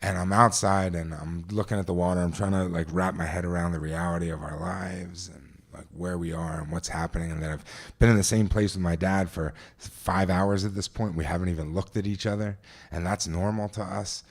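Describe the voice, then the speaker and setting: A man's voice: deep voice, steady tone, a little fast. Man telling a live story on stage. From New Jersey. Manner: conversational, vivid, with frequent restarts and asides. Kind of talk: live first-person storytelling. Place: stage at a live event venue.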